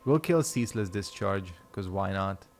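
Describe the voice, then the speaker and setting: A man's voice: low-pitched, lively intonation, normal speed, a little mellow. A man chatting casually while streaming a game, rambling and swearing freely. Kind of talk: casual gameplay commentary.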